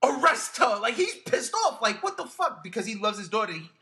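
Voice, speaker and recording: A man's voice: sits high, sing-song, fairly quick, pushed and bright. A man hosting a casual film discussion, often stammering and repeating words while he searches for what to say. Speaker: podcast host.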